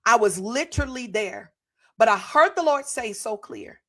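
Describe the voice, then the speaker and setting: A woman's voice: a little high, lively intonation, normal speed, pushed and bright. A woman in her forties hosts a podcast, giving a fervent motivational testimony to viewers in a preacher-like way and repeating phrases for emphasis. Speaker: podcast host.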